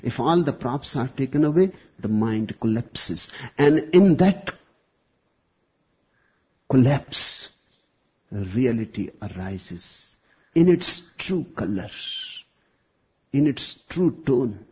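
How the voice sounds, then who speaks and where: Slow, husky spiritual teacher. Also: male voice, mid-range voice, lively intonation. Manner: slow, deliberate, with long pauses. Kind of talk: spiritual discourse. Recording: dull lo-fi recording.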